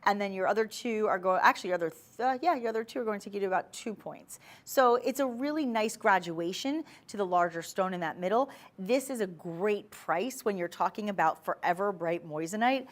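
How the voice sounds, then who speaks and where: A woman's voice: medium pitch, lively intonation, brisk, few pauses. Chatty woman selling jewelry on TV. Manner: chatty, persuasive, speaks straight to viewers. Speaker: shopping channel host. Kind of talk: live TV jewelry sales pitch. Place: TV studio.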